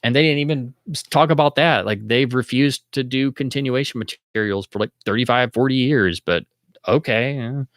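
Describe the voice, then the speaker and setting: A man hosting a livestream, chatting about films in a casual, excitable way and jumping his voice up high to act out audience reactions. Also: normal speed, dry recording, clean studio sound. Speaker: livestream host. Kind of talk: casual film commentary.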